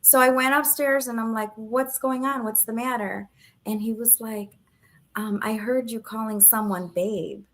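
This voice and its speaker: This podcast co-host, a woman in her thirties, has a fairly high, fairly bright voice with fairly even intonation and a measured pace. Casually sharing a personal story, she voices the quoted lines herself and laughs from time to time.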